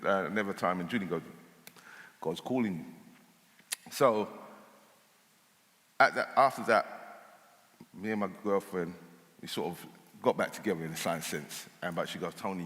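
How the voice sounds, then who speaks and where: A man telling his story as an interview guest, casual and lively, acting out the voices of people in his tale. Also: low voice. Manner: casual speech with dropped words. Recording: long hall reverb in a church.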